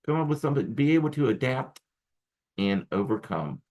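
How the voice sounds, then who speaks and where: A man's voice: medium pitch, lively intonation, moderate pace, a little mellow, highs cut off. A man teaching acupuncture students in a casual, rambling lecture full of restarts and asides. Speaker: acupuncture instructor. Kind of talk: recorded lecture.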